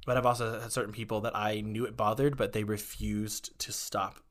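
Low-voiced man telling a personal story. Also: little pitch movement, a little fast, fairly bright tone. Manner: conversational, many fillers, acts out quoted voices. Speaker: guest.

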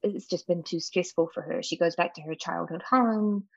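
A woman's voice: on the low side, normal speed, vocal fry, dry recording, lo-fi sound. A woman from New Zealand with a New Zealand accent, a guest actress chatting candidly in an interview and laughing often. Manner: candid, laughs often, acts out quoted people. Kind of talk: casual interview chat.

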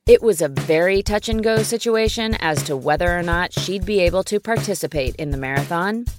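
A woman's voice: fairly low pitch, lively intonation, a little fast, over music. A woman in her fifties, host and producer, giving upbeat, welcoming scripted podcast narration. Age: 50s.

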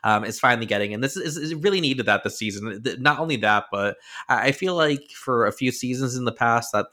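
A man's voice: mid-range voice, lively intonation, brisk, sharp tone. A man co-hosting a podcast in casual chat, hesitant and full of fillers. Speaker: podcast co-host.

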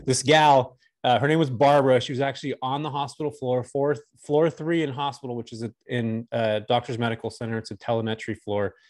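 A man in his forties from Northern California talks in a loose, chatty way as a podcast guest. He strings stories together and laughs easily, at a middling pitch. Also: fairly even intonation, a little fast, few pauses, darkish tone. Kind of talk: casual podcast interview.

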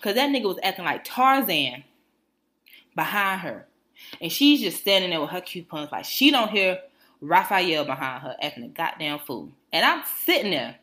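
A woman telling a rambling, profane story on a casual chat show, acting out the people in it. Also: fairly low pitch. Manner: animated, profane, mimics people in her stories. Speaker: podcast co-host.

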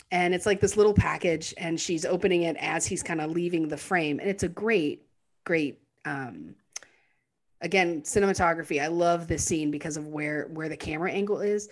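A woman's voice: on the low side, normal speed. A woman casually recapping a film on a podcast, acting out the characters' lines as she goes. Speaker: podcast co-host. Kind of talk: casual movie recap chat.

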